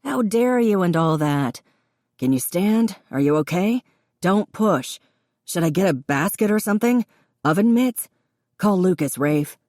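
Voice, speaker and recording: A woman voicing an adult man, a protective brother asking rushed, anxious questions. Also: on the low side, animated, darkish tone, no room sound, studio quality. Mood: panicked.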